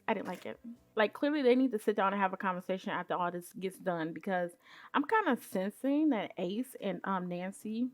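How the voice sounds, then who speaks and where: A woman giving casual recap commentary on a show, sassy and candid, with colloquial phrasing and sudden jumps in pitch when she quotes people. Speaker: YouTube commentator.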